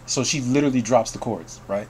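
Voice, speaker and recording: A man's voice: medium pitch, fairly quick, a little mellow, a little hiss or hum. A man hosting a game news stream, telling a story to call guests in a casual way, often laughing and reading out chat messages.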